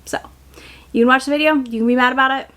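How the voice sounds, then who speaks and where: A woman's voice: high voice, steady tone, quick pace, fairly bright tone. A woman making a commentary video, talking candidly and firmly, setting ground rules and then laying out a timeline. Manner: firm, candid, chatty with fillers. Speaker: book YouTuber.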